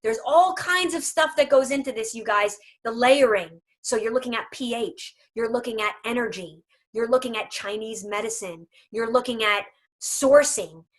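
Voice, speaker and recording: A woman's voice: on the high side, moderate pace. A woman speaking for a dog food company in a casual video chat, emphatic, humorous and persuasive.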